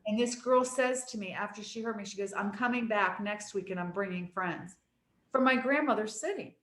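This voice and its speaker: A woman guest tells personal stories in an earnest, reflective voice. Her pitch is middling, and the room around her gives a noticeable echo. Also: moderate pace, fairly bright tone. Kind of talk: casual conversation.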